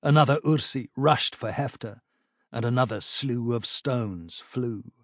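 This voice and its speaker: In a steady, even storytelling style, a man with a mid-range voice narrates a fantasy battle audiobook. The recording is studio quality, with no room sound.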